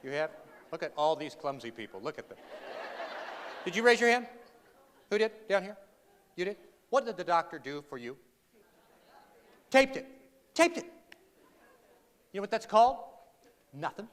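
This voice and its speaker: A man's voice: a little high, very animated, brisk, pauses often, slight background noise. A man telling a humorous personal story to a live audience in a large hall, sarcastic and self-deprecating, quizzing the listeners as he goes. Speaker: humorous speaker. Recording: reverberant hall, faint background ambience.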